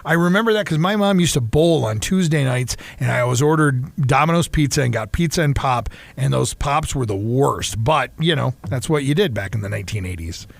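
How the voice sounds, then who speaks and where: Chatty middle-aged co-host, dry sound. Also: male voice, medium pitch, animated, brisk, gravelly, few pauses, dry recording. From Michigan. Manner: chatty, reminiscing, wry. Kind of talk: casual chat.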